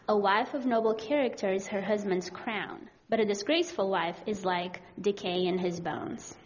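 A woman speaking earnestly in a sermon setting, frank about her own faults and using frequent fillers. Her pitch sits in a middle range. The sound is slightly dull. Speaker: church speaker. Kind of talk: personal testimony and scripture reading in a sermon.

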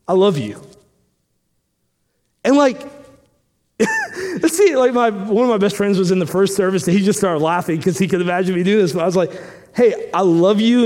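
A man preaching a sermon, telling a story with lively acted-out dialogue, then turning quiet and earnest. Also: high voice. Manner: animated storytelling, acting out dialogue; drops soft and quiet when earnest. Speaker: pastor. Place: church sanctuary.

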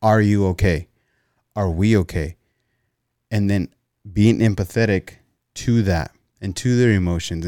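A man with a low voice preaches on marriage in a dry, close recording. He tells a story with growing energy and often repeats his words as he goes. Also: clean tone, dry recording. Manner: repeats words, storytelling, rising animated in anecdotes. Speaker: pastor. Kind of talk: sermon on marriage.

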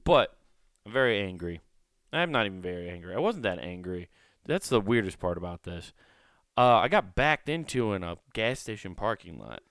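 Guy rambling on his podcast, swears a lot, kinda low smooth voice, dry small room. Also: very animated, normal speed, fairly bright tone, no room sound. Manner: rambling, profane, restarts often. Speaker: podcast host. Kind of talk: casual solo podcast monologue.

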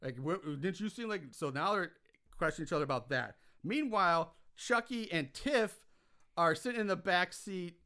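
A man casually recapping a film's plot on a podcast, animated and exasperated by the plot holes. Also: high-pitched, moderate pace, clear, resonant tone. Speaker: podcast co-host recapping a film.

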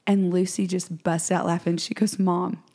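This woman in her forties, a podcast co-host, tells a story in easygoing chat at a moderate pace with a creaky voice. She plays out the quotes, her pitch jumping lively.

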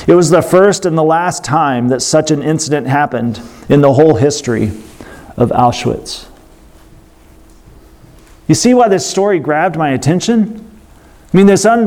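A man's voice: on the high side, darkish tone. A man preaching a sermon, telling a story earnestly and breaking off for casual asides to the congregation.

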